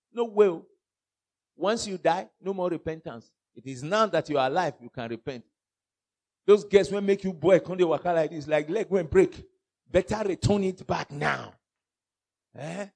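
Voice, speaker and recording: A Nigerian man preaching a fiery sermon with a high-pitched voice. A gravelly rasp runs under his words. He mixes in pidgin and swings between loud outbursts and hushed warnings. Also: expressive, normal speed.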